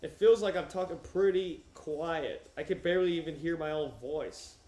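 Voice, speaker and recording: Loud, profane young man in an echoey room. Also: fairly high pitch, moderate pace. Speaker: streamer reading to chat. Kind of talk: casual livestream chat and reading aloud. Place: home, on a couch. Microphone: wearing headphones.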